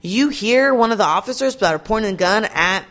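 A woman's voice: mid-range voice, expressive, fairly quick, a bit bright. A woman vlogger giving casual commentary on a news story, talking straight to her viewers in a blunt, indignant way with plenty of swearing. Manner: chatty, addresses viewers directly.

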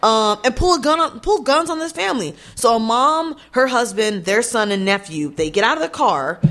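A woman's voice: fairly high pitch, lively intonation, normal speed, a bit bright. Blunt, profane woman vlogger. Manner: chatty, addresses viewers directly. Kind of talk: casual news commentary.

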